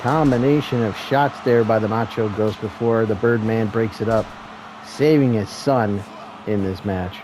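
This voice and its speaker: A man hosting and calling a wrestling video game match as a solo play-by-play commentator, with excitable calls and joking asides. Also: fairly low pitch, a little slow, background noise. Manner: excitable play-by-play, rising to shouts at near-falls; self-deprecating asides.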